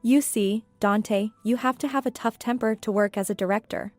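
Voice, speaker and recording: Woman reading as a smug male boss, cold taunting tone, slightly high voice, dry sound. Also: darkish tone, no echo, faint music behind, lightly acted. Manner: coolly taunting, measured.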